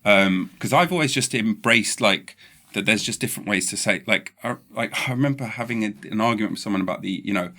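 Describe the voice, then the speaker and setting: A man's voice: fairly low pitch, fairly quick. A man with an English accent hosting a podcast in casual, rambling chat, often restarting his sentences. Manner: rambling, restarts often, animated when quoting. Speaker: podcast host.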